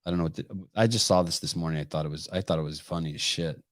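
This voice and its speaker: A man hosting a live call-in podcast, talking in an animated, profane way with many restarts. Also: extremely low pitch, very fast, no echo, clean studio sound. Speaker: podcast host.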